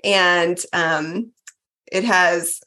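A woman's voice: lowish voice, fairly even intonation, drawn-out words, bright, forceful tone. A woman in her forties, a podcast guest sharing her retreat experience in a candid, chatty way with lots of fillers and restarts. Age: 40s. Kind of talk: casual podcast chat.

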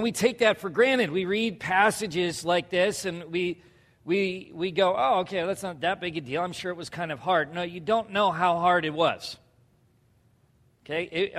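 A man in his thirties preaching a sermon, telling stories loudly and animatedly with laughs. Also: sits high, in a large hall. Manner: loud, animated storytelling with laughs. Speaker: pastor.

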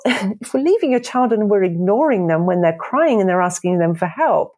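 A woman in her forties talking casually about parenting, animated and quick to laugh, acting out little voices. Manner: animated, acts out voices with big pitch jumps; laughs often. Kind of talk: casual conversational explanation.

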